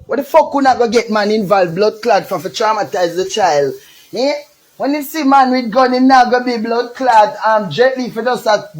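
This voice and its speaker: Woman, Jamaican accent, high voice, angry rant, insulting, profane. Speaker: vlogger.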